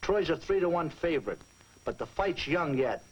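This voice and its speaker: A man's voice: a little high, very animated, moderate pace, husky, highs cut off. A man with a Boston accent hosting a 1950s boxing broadcast, talking in an earnest, plain-spoken way. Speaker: host of a boxing telecast. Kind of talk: 1950s TV chat and fight intro.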